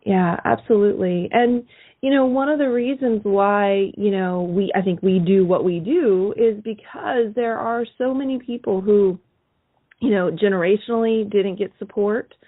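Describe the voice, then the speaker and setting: A woman's voice: mid-range voice, moderate pace. A woman coach hosting an interview. She listens in an affirming, reflective way, then shares her thoughts. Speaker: host and coach. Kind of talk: interview conversation. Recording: tinny phone-line sound.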